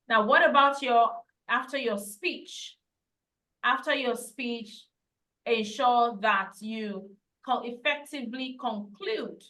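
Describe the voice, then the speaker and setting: Woman, speaking coach, fairly high, bright tone, firm drilling delivery. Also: poor audio. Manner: emphatic, repeats key phrases for drill. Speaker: speech and pronunciation teacher. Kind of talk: instructional lesson.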